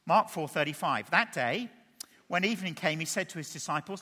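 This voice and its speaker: A man delivers a sermon from the front of a church, with a high and bright voice. He preaches in an animated way and keeps putting rhetorical questions to the congregation. His voice carries a long reverb through the hall. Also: brisk.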